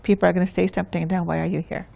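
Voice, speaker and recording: A woman's voice: on the low side, flat delivery, rapid-fire, creaky, dark tone. A woman voicing a young female bear cub who asks blunt questions in a spoken folk tale. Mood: questioning.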